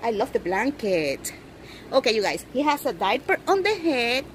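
A woman filming an unboxing vlog at home, gushing with excitement and cooing as she talks. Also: a little high, moderate pace, slight background noise, low-quality recording. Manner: gushing, excited, coos over the doll. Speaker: reborn doll collector vlogger. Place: indoors at home.

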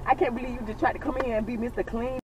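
A woman's voice: fairly high pitch, fairly even intonation, racing. A woman riding in the back of a car, venting on a phone call to a friend, profane and exasperated. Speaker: rideshare passenger on a phone call. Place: back seat of a moving car. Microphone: dashboard camera from across the car. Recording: distant, muffled in-car recording with road noise.

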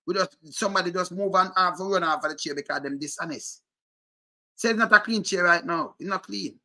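A middle-aged man with a strong Jamaican accent delivers a heated rant, slipping between Patois and English. His voice sits high and rings sharp and tense. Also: a little fast. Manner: animated, repetitive, mixes Patois and English. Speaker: commentator.

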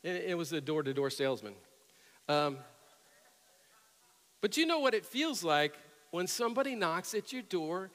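A middle-aged man preaching from the pulpit, his fairly high voice bright and forceful. He tells stories and then rises to loud, emphatic peaks. The sound rings through a large church hall with a long reverb. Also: big pitch swings, normal speed, long pauses. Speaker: pastor. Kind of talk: sermon.

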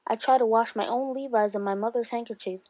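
Brief: woman, teacher, steady read-aloud of a novel, dry recording. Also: on the high side, fast, dry recording.

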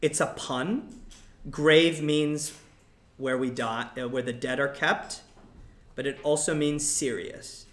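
A man's voice: fairly high pitch, takes it slowly, roomy sound. A man teaching a class about a play, explaining lines and acting out quotes with energy. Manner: animated, acts out quoted lines.

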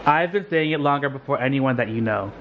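A man's voice: mid-range voice, expressive, fairly quick, phone-quality sound. A man vlogging at home, teasing his family with a playful, laughing manner. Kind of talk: casual family chat. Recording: noisy home recording.

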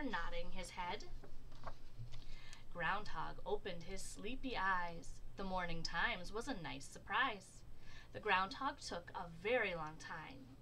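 A woman librarian reading a rhyming picture book aloud for storytime, slow and expressive. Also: mid-range voice, slight background noise, rough recording. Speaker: children's librarian.

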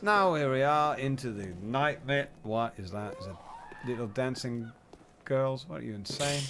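An excitable streamer hams up a fake Texas drawl while he plays, his voice leaping all over as he yells at the screen. Game sound runs loud underneath him. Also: medium pitch, moderate pace, a little hiss or hum. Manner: putting on a joking Texas drawl. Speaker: gameplay streamer. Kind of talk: live let's-play commentary.

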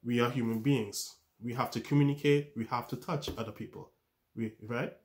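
A man talks viewers through self-improvement in an average-pitched voice. He keeps asking rhetorical questions and repeating points like a coach. He often trips over his words and starts phrases again. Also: fairly even intonation, moderate pace. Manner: stumbles and restarts words. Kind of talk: motivational talk to camera.

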